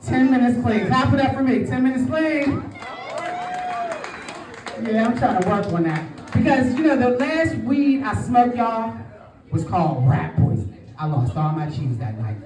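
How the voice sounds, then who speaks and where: A woman's voice: on the high side, big pitch swings, moderate pace. A woman doing a live stand-up comedy set in a club, brash and working the crowd. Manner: brash crowd work, calling out to the audience. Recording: roomy live sound, distant from the mic. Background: faint audience crowd.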